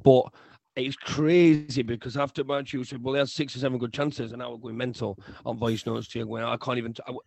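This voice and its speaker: Fast-talking, animated man. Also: medium pitch, creaky, dry recording. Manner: animated, ranting, repeats himself. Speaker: podcast co-host. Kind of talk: casual football chat.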